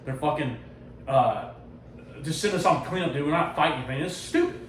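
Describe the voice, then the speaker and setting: A man hosts a loose comic book chat, talking quickly and cursing freely as he acts out the lines of each character. He sounds a little far from the mic in a roomy, echoing space with faint noise underneath. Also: fairly high pitch. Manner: animated, profane retelling with acted-out quotes. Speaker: podcast host. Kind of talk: casual comic book discussion.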